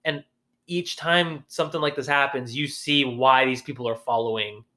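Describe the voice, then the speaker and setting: A man co-hosting a podcast in casual chat, lively, breaking into raised voices when he quotes characters. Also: medium pitch, moderate pace. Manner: animated, acts out quotes in a raised voice. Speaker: podcast co-host.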